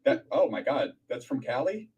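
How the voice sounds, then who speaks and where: A man asking halting, filler-heavy questions in a casual video call chat. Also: medium pitch, big pitch swings, a little mellow, breathy edge, far from the mic, dull audio.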